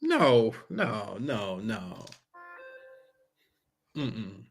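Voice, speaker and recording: A man's voice: on the high side, lively intonation, moderate pace, a bit bright, soft background music. A man co-hosting a podcast in casual chat, laid-back and matter-of-fact. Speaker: podcast co-host.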